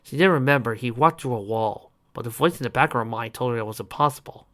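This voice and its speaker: A man's voice: medium pitch, fast, a bit bright. A man narrating a story dramatically and expressively, adding asides to listeners. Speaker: audiobook reader.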